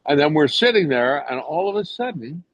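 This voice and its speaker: Older english guy spinning showbiz stories, lots of voices for other people, dry flat-sounding lo-fi audio. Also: brisk, dry recording. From England. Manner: animated storyteller, jumps to high voices when quoting others. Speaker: actor guest. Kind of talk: casual anecdote telling.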